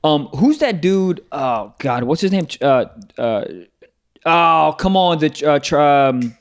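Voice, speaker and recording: High, animated, excitable young man. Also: a little slow, smooth. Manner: excitable, swears a lot, stumbles hunting for words. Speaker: podcast co-host. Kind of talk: casual comedic chat.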